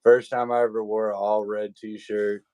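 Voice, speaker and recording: A man's voice: lowish voice, level tone, normal speed, dark tone. A man guesting on a livestream, telling laid-back stories, laughing and mimicking voices. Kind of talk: casual chat.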